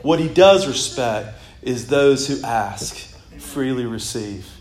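Animated casual preacher man in an echoey church. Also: mid-range voice, takes it slowly. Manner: casual, animated preaching with laughs and bursts of shouting. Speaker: pastor. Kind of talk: sermon. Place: church sanctuary.

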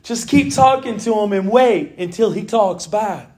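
A man, preaching an animated sermon in church as the pastor, telling stories and reading scripture. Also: sits high, unhurried. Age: 40s. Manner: animated storytelling preaching, mimics owl calls.

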